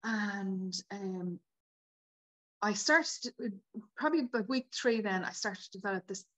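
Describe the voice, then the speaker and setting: A woman speaks as a podcast guest at an even, middle pitch. She tells her story in a lively, animated way and slips into the voices of the people she quotes. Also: a little slow. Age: 50s. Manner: animated, acts out quoted dialogue. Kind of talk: casual storytelling.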